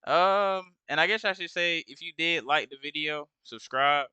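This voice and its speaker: A man chats casually to his viewers while playing, rambling with slang and plenty of hesitant fillers. His voice is bright and crisp, sitting a little high for a man. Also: normal speed, no room sound. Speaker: gamer. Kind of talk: casual let's-play chat.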